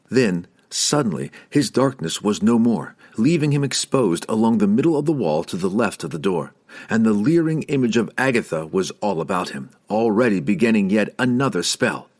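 A man reading a fantasy novel aloud as scripted narration, dramatic and rising on tense moments. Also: on the low side. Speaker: audiobook narrator.

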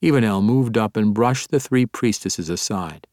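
A man narrates an audiobook in a steady, even storytelling manner, reading from a script. His voice is on the low side at normal speed, recorded dry with clean studio sound.

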